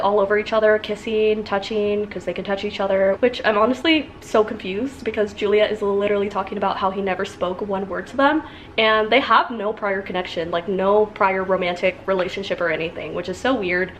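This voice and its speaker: A woman's voice: mid-range voice, slight background noise. Chatty young woman vlogging about a book. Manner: chatty, exasperated reactions, filler-heavy. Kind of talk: casual reading vlog.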